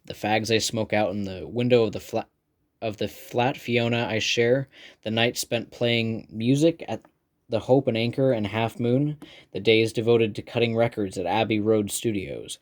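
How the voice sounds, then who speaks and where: A man reading a first-person novel aloud with steady storytelling delivery. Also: lowish voice, moderate pace. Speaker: audiobook narrator. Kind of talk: scripted first-person narration.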